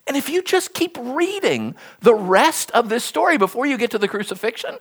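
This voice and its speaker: A preacher giving an animated sermon, telling the story with bursts of energy and repeating words as it builds. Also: medium pitch, normal speed, breathy edge. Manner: animated storytelling with sudden hushed asides.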